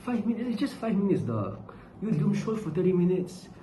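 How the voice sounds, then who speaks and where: A man's voice: high-pitched, a little fast. A young man giving mock advice in a comedic vlog, rambling, joking and swearing, dropping casual particles into his talk. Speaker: vlogger. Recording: echoey room with steady background noise.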